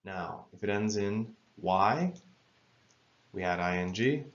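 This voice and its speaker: A man with a low voice explains spelling rules as a patient teacher. He speaks slowly and carefully and spells words out letter by letter. The recording sounds a little dull. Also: animated. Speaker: English grammar teacher. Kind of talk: scripted lesson narration.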